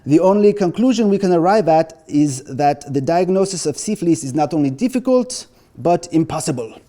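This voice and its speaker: A man's voice: expressive, dark tone, lightly acted. A man doing a proud old French doctor. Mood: grave. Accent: mock French. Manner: slow, emphatic, raised pitch. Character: 19th-century male French physician, proud. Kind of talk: reading a quote in a put-on accent.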